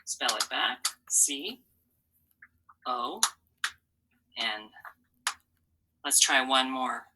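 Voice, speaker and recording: Slow, low-pitched woman teaching phonics. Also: big pitch swings, bright, forceful tone, slight background noise, rough recording. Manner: slow, patient, encouraging, sounds out letters. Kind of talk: phonics lesson for children.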